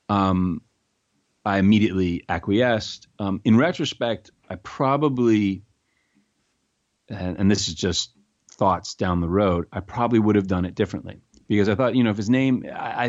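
A man's voice: sits low, a little mellow, no echo, dull audio. A middle-aged man, an actor, chatting in an interview with many stammered restarts. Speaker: actor guest. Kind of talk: casual interview chat.

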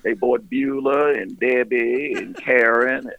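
A man from Baltimore, a comedian and pastor, telling stories in a casual interview with quick, animated delivery. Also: medium pitch, creaky, narrow, tinny audio. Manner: animated, quick storytelling with impressions.

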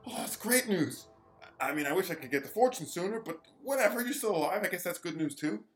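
A man's voice: sits high, expressive, fast, pitched below the performer's own voice. A man doing a greedy, sheepish grown son. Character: lazy greedy grown son, dirtbag heir. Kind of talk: comedic audio drama. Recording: music behind.

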